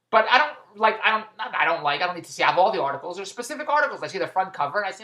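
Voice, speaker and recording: A man's voice: high-pitched, very animated, very fast, hardly any pauses, sharp tone. A man in a rambling monologue vlog, stumbling and restarting as he goes, amused at his own tangents. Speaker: vlogger.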